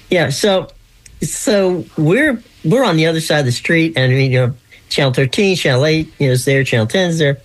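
A man's voice: on the high side, slight background noise. Man in his 60s, rambling phone storyteller. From Pennsylvania. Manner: rambling storyteller, many restarts, laughs often. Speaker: guest. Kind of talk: casual chat. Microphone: phone line.

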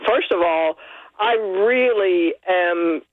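A man calling in to a radio show, his fairly high voice squeezed through a thin, tinny phone line with a dry, close sound. He talks earnestly, stringing his thoughts into long run-on sentences. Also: takes it slowly, no echo. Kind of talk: call-in comment.

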